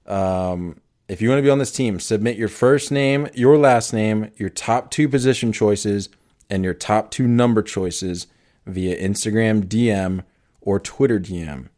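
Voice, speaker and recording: Young guy cohosting a sports podcast, lowish voice, joking around. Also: measured pace, a little mellow. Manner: laughs a lot, loose and joking. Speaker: podcast co-host. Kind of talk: casual sports chat.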